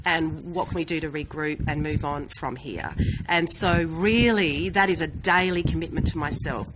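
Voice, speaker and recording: Woman, lowish voice, earnest, candid, self-reassuring, lots of "you know", live-stream monologue. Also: noisy background. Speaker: host of a personal-growth live stream.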